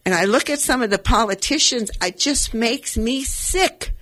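A woman's voice: a little high, lively intonation, moderate pace, fairly bright tone. An older woman hosting a radio talk show, speaking with earnest, emotional conviction and rambling, restarting sentences. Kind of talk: impassioned commentary.

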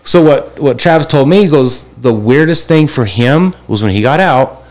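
A man hosting a casual chat, asking questions in a rambling, halting way and often restarting his sentences. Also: medium pitch, animated, darkish tone. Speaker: host.

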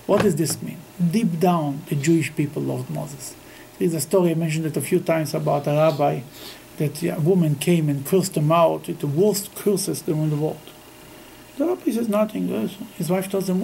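Man, Torah teacher, mellow dark tone, halting delivery with restarts, lively storytelling. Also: sits high, gravelly, a little hiss or hum, rough recording. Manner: halting, with frequent restarts, grows lively while telling stories. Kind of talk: weekly scripture class.

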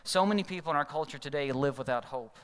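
A man's voice: quick pace, clear, resonant tone. A man preaching a sermon as pastor, telling a story and acting out the people in it with sudden changes of voice. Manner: storytelling, acts out quoted voices with big pitch jumps. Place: large church hall. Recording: long hall reverb.

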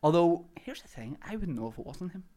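A woman's voice: on the low side, big pitch swings, quick pace, dark tone. A woman, co-hosting a casual podcast chat and laughing often. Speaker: podcast co-host.

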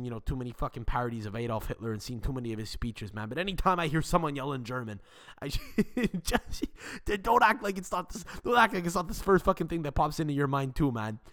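A man hosts a casual solo podcast and rambles through his thoughts, swearing often and restarting his sentences with stammers. He talks into a desk mic, at a middle pitch for a man. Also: a bit bright. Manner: rambling, profane, stuttering restarts. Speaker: podcast host. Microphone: desk mic without arm.

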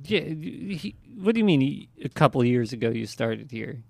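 A man in an improvised comedy sketch, talking in a wry, deadpan way. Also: mid-range voice, normal speed, gravelly, no echo, studio quality.

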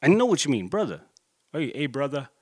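This thirties-aged male vlogger from Corpus Christi, Texas talks alone in a casual, swear-heavy ramble full of fillers and a laid-back feel. He sounds husky and fairly high-pitched, very animated and fairly quick, captured dry at studio quality.

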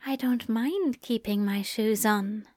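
A tender male angel speaks in a raised, lilting murmur, as a woman reading the story puts him on. The voice stays soft and gentle and is recorded close and dry. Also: sits high, very animated, very slow, no echo, voice pushed up, full character voice.

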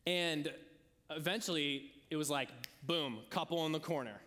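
A man's voice: fairly high pitch, normal speed, pushed and bright, long reverb tail. A man preaching a sermon in a casual storytelling way, acting out the voices of people he quotes. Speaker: pastor.

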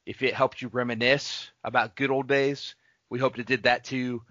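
Earnest bright-voiced podcast host man. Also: mid-range voice, flat delivery, moderate pace, dry recording. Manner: earnest, encouraging, sign-off announcements. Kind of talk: casual faith-based podcast chat. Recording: dull lo-fi podcast mic.

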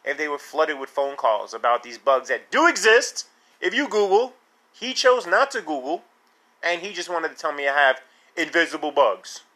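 A man rants on his own podcast in a casual, animated way, indignant and sarcastic. His voice sits a little high and sounds bright and forceful. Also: moderate pace. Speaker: podcast host. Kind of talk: casual solo podcast rant.

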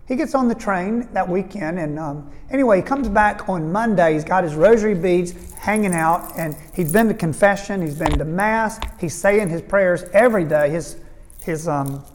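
A male priest preaching at a retreat, his words ringing with long reverb through a large hall. He tells stories in a lively way, acts out the people he quotes, and leans hard on the lines he wants to stick. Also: high voice, moderate pace, a little hiss or hum. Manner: storytelling, voicing quoted people; earnest, fervent emphasis. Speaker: priest giving a retreat talk. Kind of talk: retreat talk to an audience.

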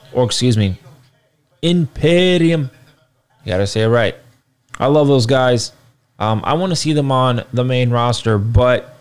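A man's voice: medium pitch, darkish tone. A young man giving a casual, slangy spoken recap of a wrestling show, often checking in with listeners. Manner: loose slangy talk with fillers, asks listeners for agreement.

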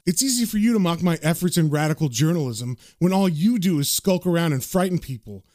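Guy reading an angry young anarchist psychic, indignant, higher voice. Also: expressive, a little fast, a little mellow, no room sound, clean studio sound, lightly acted. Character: twenty-something male anarchist psychic, jumpy and angry.

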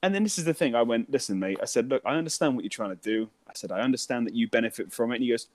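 A man's voice: mid-range voice, lively intonation, very fast, no echo. A young British man telling a funny story in casual chat, swearing, laughing and mimicking voices.

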